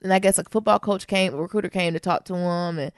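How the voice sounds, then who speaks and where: A woman's voice: fairly low pitch, fairly even intonation, fast talker, no room sound, studio quality. A woman co-hosting a casual podcast chat, telling stories animatedly and acting out scenes with voices. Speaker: podcast co-host. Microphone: studio podcast mic.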